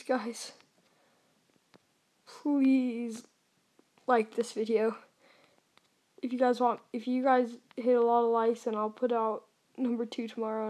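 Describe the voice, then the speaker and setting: A woman's voice: a little high, a little mellow. A young woman playing a horror game, sounding scared and jittery and stammering now and then. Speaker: gamer.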